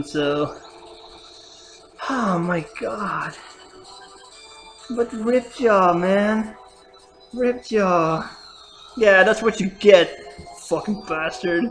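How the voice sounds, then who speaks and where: Woman, let's player, gameplay commentary, swearing outbursts, slow pace, mid pitch. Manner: cursing and crying out at the game. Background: faint game music.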